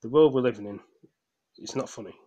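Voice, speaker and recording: A man's voice: medium pitch, brisk, mellow. A tired man, ranting heatedly in a casual vlog, swearing, rambling with restarts and apologizing as he goes. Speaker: gaming vlogger.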